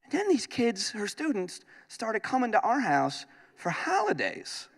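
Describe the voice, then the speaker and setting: A man's voice: high-pitched, a little slow, gravelly. A man from upstate New York working as a radio host, giving a comedic speech in a large conference hall and acting out his own lines as he tells stories. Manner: animated storytelling, acts out his own lines. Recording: long hall reverb.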